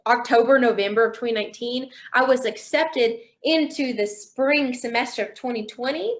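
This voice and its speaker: A woman's voice: on the high side, normal speed. A young woman sharing her faith testimony in an interview, telling it expressively and acting out quoted dialogue. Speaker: interview guest.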